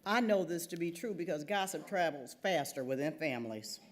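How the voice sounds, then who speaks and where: A woman's voice: low-pitched, animated, brisk. A woman author reading her own first-person novel aloud at a theater event, wry and conversational.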